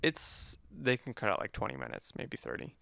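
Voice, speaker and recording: A man co-hosting a movie review podcast, talking casually and teasing his co-host, with a gravelly voice. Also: mid-range voice, huge pitch swings, moderate pace, sharp tone, no echo, clean studio sound. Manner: playful, teasing, lots of fillers.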